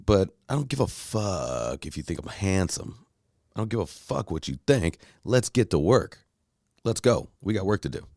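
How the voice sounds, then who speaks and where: A man's voice: low voice, sing-song, normal speed, gravelly, darkish tone, no room sound, clean studio sound. A man hosting a podcast, telling a heated story in a blunt, profane casual rant. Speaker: podcast host.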